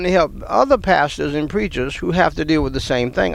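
Male pastor, 50s, gravelly, slightly high voice, rambling pulpit sermon delivery. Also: lively intonation, brisk, hardly any pauses. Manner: rambling, repeats and restarts words.

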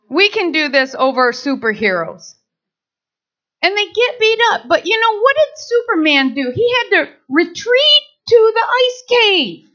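A woman preaching a sermon to women, lively and playful, acting out little scenes. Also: very high voice. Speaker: women's ministry speaker. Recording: dull lo-fi recording.

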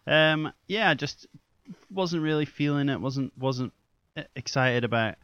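A man's voice: on the high side, measured pace, fairly bright tone, smooth, no room sound. A young man hosting his own podcast, rambling casually and poking fun at himself, swearing now and then. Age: young adult. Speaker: podcast host. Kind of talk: casual solo podcast chat. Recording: dull lo-fi dry recording.

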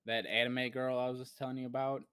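A man's voice: mid-range voice, level tone, quick pace, fairly bright tone, clean tone, no echo. A man co-hosting a casual gaming podcast, rambling and acting out his own past reactions as he tells a story. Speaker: podcast co-host.

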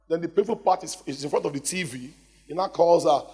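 A man preaching a lively sermon in a church hall, calling out to the congregation for responses. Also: a little high, fast talker, husky. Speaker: pastor. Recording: long hall reverb.

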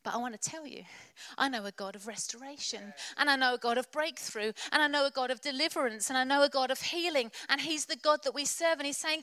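A woman's voice: high voice, fast, few pauses, sharp tone, no room sound. A woman preacher delivering a sermon in church, passionate and exhorting, with playful asides.

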